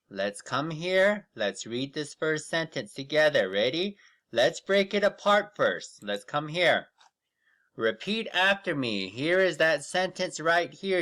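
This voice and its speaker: In an online reading class, the male teacher reads aloud alongside students, drawing out words slowly and prompting them with patience and encouragement. His voice sits at a medium pitch and sounds a bit bright.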